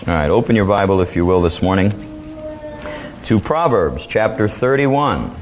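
A man preaching a folksy sermon, relaxed and chuckling, with many fillers, recorded in a church. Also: fairly low pitch, normal speed. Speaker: pastor. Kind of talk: folksy sermon with joke-telling. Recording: dull lo-fi church recording, faint ambience.

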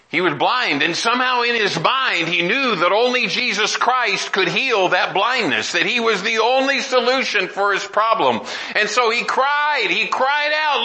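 A man's voice: high-pitched, expressive, measured pace, sharp tone, low-quality recording. A middle-aged man preaching a sermon, earnest and emphatic, often restarting and climbing to exclamations.

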